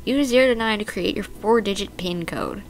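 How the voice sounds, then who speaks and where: A woman's voice: medium pitch, normal speed, a little hiss or hum. A young woman playfully commenting on a video game as she plays, reading the on-screen text aloud. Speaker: let's play gamer. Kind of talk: casual gameplay commentary.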